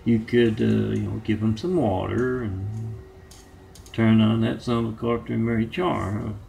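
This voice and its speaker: A man talking in a rambling monologue of his own, halting and meandering with many filler pauses. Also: lowish voice, level tone, gravelly, dark tone, slight background noise. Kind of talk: rambling self-made monologue.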